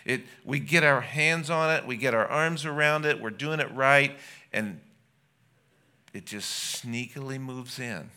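Bright-voiced man preaching a sermon. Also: mid-range voice, unhurried, clear, resonant tone. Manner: earnest, building to impassioned exclamations. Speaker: pastor.

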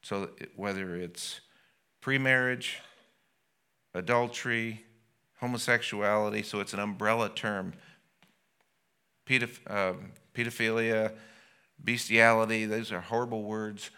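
Bright-voiced man preaching a sermon. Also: lowish voice, steady tone, a little slow, long pauses, clean tone. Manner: earnest, building to impassioned exclamations. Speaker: pastor.

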